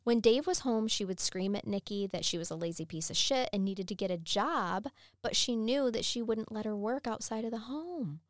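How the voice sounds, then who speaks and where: A woman's voice: medium pitch, moderate pace, dry recording, clean studio sound. A woman hosting a podcast, telling a true crime story in a blunt, chatty way and swearing freely. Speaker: podcast host.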